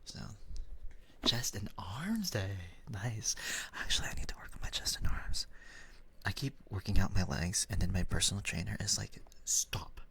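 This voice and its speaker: Soft husky man, whispered role-play. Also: fairly low pitch, animated, normal speed. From Philippines. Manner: soft-spoken, giggly, chatty with chat. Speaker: streamer.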